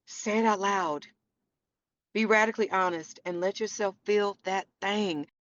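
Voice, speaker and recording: A woman's voice: medium pitch, measured pace, fairly bright tone, lo-fi sound. A woman hosting a faith-based podcast, talking earnestly and preachily to her listeners. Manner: earnest, preachy, says y'all often. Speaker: podcast host. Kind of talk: faith-based motivational talk.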